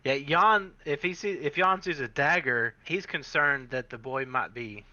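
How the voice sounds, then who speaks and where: A man's voice: on the high side, measured pace, pushed and bright, dry recording, dull audio. A man playing in a tabletop game, earnest and pleading. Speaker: player.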